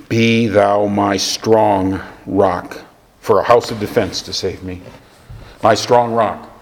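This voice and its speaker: A man's voice: medium pitch, a bit bright. A man preaching a sermon, telling stories and quoting scripture, sometimes dropping his voice to a near whisper. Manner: storytelling, drops to a near whisper at times. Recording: echoey hall with long reverb.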